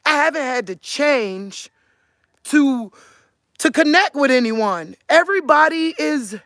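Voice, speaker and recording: She speaks slowly in a high-pitched, animated voice with a fairly bright tone, recorded dry. A vlogger in her forties from Cleveland, Ohio, she uses a country Midwestern drawl, earnestly chatting to viewers and often asking "you get what I'm saying?"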